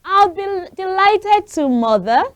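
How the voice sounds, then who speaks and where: A woman's voice: very high voice, very animated, takes it slowly, no room sound, pitched above the performer's own voice, exaggerated voice, poor audio. A woman voicing a polite little girl who speaks in old-fashioned, well-mannered phrases. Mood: eager.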